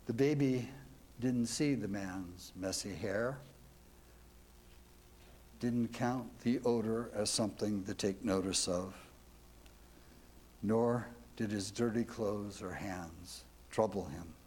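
A preacher tells a devotional story as a sermon, earnest and reflective, closing with questions for his listeners. His voice is lowish and darkish, slow with long pauses, with a little hiss or hum in the background.

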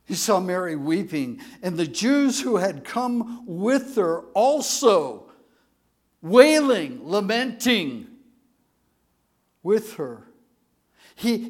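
A pastor preaching an emotional sermon to his congregation, moving between hushed, tender moments and emphatic, raised declarations and drawing the crowd in with questions. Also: sits high. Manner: asks the congregation for a show of hands.

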